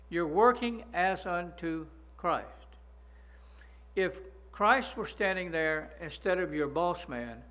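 Pastor preaching, folksy, keeps asking "right?", slightly high pitch. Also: male voice, fairly bright tone. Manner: folksy, asks the congregation for agreement; slows down to stress key phrases. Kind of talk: sermon.

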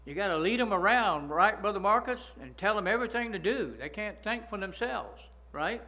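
A man preaching a sermon, folksy, slowing down to stress his points and asking the congregation for agreement. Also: high voice, lively intonation, pushed and bright. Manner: slows down to stress key phrases. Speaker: pastor.

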